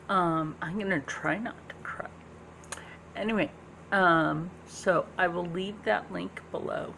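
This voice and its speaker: A woman vlogger chats her way through a makeup look, talking slowly with a low, gravelly edge to her voice. She is soft-spoken and slips into whispers now and then, with plenty of ums. A faint hiss of noise sits under the recording. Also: rough recording. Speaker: beauty vlogger. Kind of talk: casual makeup tutorial chat. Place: indoors at home.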